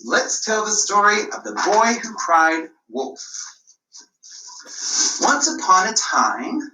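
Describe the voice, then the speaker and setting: Slow sing-song woman storyteller. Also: medium pitch, sing-song, sharp tone, slight background noise. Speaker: puppeteer and storyteller. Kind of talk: storybook narration for children. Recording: roomy, mic at a distance.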